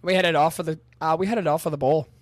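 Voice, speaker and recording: A foul-mouthed, rowdy pub regular with a high voice, as a man puts him on. He swaggers and rambles through his tale. The sound is dry and close. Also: fairly even intonation, quick pace, no room sound, close to an everyday voice. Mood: crude.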